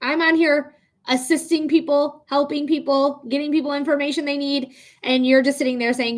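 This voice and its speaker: Talking to her chat during a live psychic reading stream, this young woman is frustrated and swears a lot while keeping the conversation casual. She has a high-pitched voice with a steady tone and a moderate pace.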